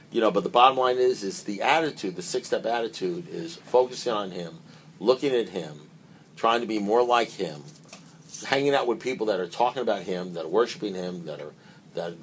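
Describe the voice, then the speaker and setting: Older man, low voice, recovery-meeting speaker, loose conversational delivery with repeated words and emphatic swings, faint hiss behind.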